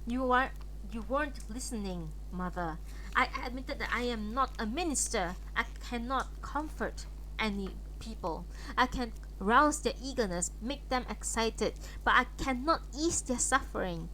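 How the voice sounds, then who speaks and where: A woman voicing a tired grown son, an evangelist, who speaks in a flat, worn-out voice. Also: on the high side, unhurried, slight background noise, poor audio. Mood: weary.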